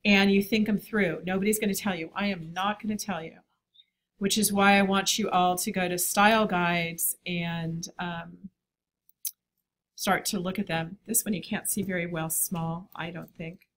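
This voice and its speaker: A woman's voice: fairly low pitch, steady tone, moderate pace, a bit bright, a little hiss or hum. Chatty, enthusiastic woman teaching design. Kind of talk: classroom lecture.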